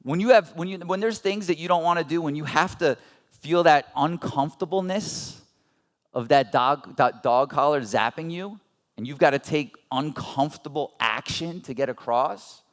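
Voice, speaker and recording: A man in his thirties with a slightly high voice speaks at a normal pace, delivering a motivational talk at a business seminar. He comes across as earnest and conversational, posing rhetorical questions to the audience.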